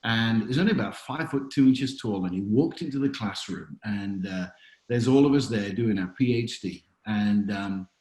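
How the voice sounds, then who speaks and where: A man's voice: on the low side, normal speed, darkish tone, reverberant, poor audio. A man, a chaplain being interviewed, speaking reflectively and telling stories with frequent fillers. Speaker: chaplain and author, podcast guest. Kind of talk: conversational storytelling interview.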